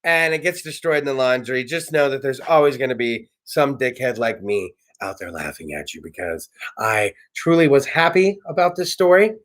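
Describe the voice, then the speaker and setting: A man hosting a casual comedy talk show, telling stories in a brash, profane, animated way. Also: mid-range voice, moderate pace, hardly any pauses. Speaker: host.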